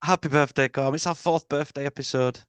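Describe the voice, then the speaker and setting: A man's voice: on the high side, fairly even intonation, a little fast, clean tone, no echo. A man hosting a casual movie podcast, joking and teasing his co-host in a rambling way.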